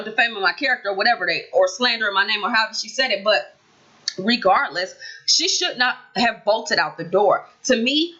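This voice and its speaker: Sassy, bright-voiced woman vlogger. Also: fairly high pitch, lo-fi sound. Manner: animated, sassy, talks straight to viewers. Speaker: reality TV recap vlogger. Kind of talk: casual opinionated recap.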